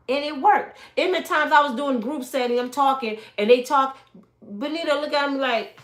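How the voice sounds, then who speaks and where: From her home, with kids wandering in and out, a middle-aged woman motivational speaker gives a casual, preachy livestream talk. She addresses viewers directly, emphatic and full of stories, in a high, fairly bright voice at a moderate pace with a roomy sound.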